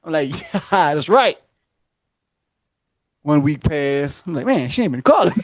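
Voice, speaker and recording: A man hosting a podcast, telling a long story in casual slang. He keeps slipping into high voices to act out the people in it. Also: big pitch swings, unhurried, no room sound, studio quality. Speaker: podcast host. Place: podcast studio.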